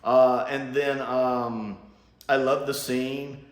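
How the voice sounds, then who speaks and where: A man's voice: medium pitch, little pitch movement, takes it slowly. A man giving a casual, profane review rant as a YouTube reviewer, swinging between scorn and delight. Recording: roomy room echo.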